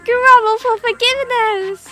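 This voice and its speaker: A gleefully cruel girl host of a game show, mocking and coldly sweet, as a woman reads her lines aloud. Her voice sits very high and sing-song, teasing her victim. Faint game music plays underneath. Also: fairly even intonation, unhurried, pushed and bright, heavily acted. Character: cheerful sadistic girl hosting a show. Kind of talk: reading game dialogue aloud.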